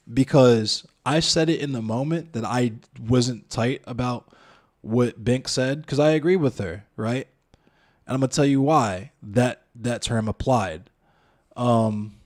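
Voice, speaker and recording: A man with a mid-range, slightly mellow voice is live-streaming heated commentary, making his case bluntly and with plenty of profanity. He speaks directly to his chat and viewers and fires off rhetorical questions.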